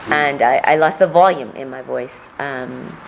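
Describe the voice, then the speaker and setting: A woman running for office, answering interview questions in a soft voice that lacks volume, earnest and repeating words as she builds her point. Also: very deep voice, unhurried, creaky, a little hiss or hum, low-quality recording. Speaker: political candidate.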